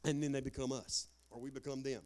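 A man preaching a lively sermon as pastor, folksy and whooping, with shouted outbursts. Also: mid-range voice, quick pace.

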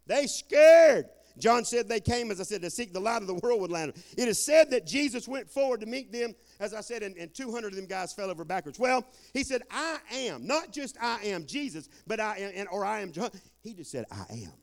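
An older man preaching a folksy sermon, calling out for amens and swinging between loud bursts and quiet asides. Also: sits high, animated, fairly quick, hardly any pauses. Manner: folksy Southern preaching, calls for amen, swings loud and soft.

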